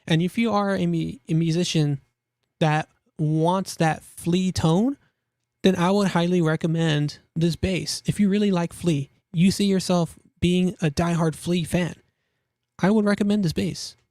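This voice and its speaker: With studio quality and no echo, a young man with a high-pitched, slightly mellow voice talks unhurriedly and fairly evenly. He hosts a casual gear-listing review, chatting, joking, repeating himself and laughing at his own humor.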